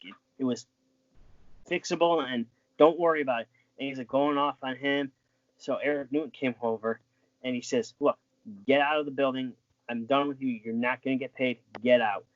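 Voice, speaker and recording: A man's voice: medium pitch, no echo, lo-fi sound. Man telling a rambling story. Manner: rambling, with many restarts and fillers. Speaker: interview guest, former wrestling referee. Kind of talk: casual storytelling.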